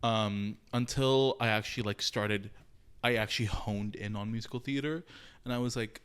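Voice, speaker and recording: Brief: male guest, twenties, candid storyteller, animated, lots of "like". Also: lowish voice, moderate pace, smooth. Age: 20s. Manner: open, animated storytelling with frequent fillers and laughs. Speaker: interview guest. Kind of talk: candid personal conversation.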